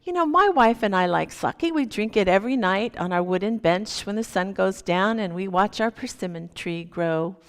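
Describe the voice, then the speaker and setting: A woman voicing a cheerful, gentle elderly man who talks in a lilting, coaxing way. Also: very high voice, wildly swooping pitch, normal speed, few pauses, voice pushed up, exaggerated voice. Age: over 60. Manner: coaxing, friendly. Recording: long hall reverb.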